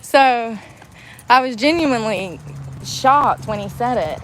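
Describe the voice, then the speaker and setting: A woman's voice: on the high side, expressive, slow, a bit bright, a little hiss or hum. Blunt, ranting woman vlogger outdoors. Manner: blunt, ranting, laughs often. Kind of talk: casual vlog rant. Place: outdoors in the woods.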